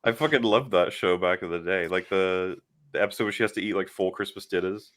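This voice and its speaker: A man's voice: low-pitched, fairly quick, a loud crowd. A man chatting as a panel guest, laughing easily and swearing casually.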